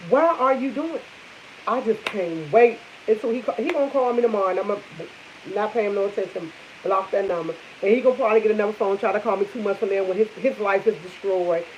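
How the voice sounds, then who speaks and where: A woman's voice: medium pitch, fast talker, a little hiss or hum. Blunt, emphatic young woman vlogging. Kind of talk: casual chat to camera. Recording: dull lo-fi audio.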